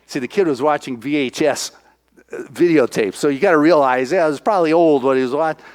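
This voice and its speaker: Animated minister retelling a film. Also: male voice, on the high side, brisk. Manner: animated storyteller acting out voices.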